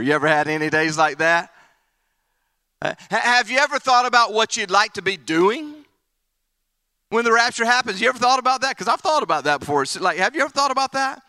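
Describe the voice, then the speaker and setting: Man, preacher, high voice, bright tone, dry close sound, animated sermon, playful and earnest. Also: a little fast, clean tone, dry recording. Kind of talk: energetic sermon. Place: camp meeting.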